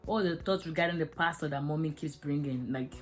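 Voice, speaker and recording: Young woman reviewing an episode, blunt, emotional, lots of "like", low voice. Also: quick pace, soft background music. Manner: frank and emotional, many fillers. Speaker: series reviewer. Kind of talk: casual video review.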